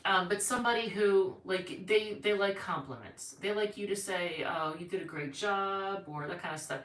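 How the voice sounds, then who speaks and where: A woman's voice: medium pitch, normal speed, a bit bright, recorded from a distance. A woman giving a rambling, chatty tarot reading on a live stream from home, thinking aloud as she goes. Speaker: tarot reader. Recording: echoey room, voice off-mic, faint noise.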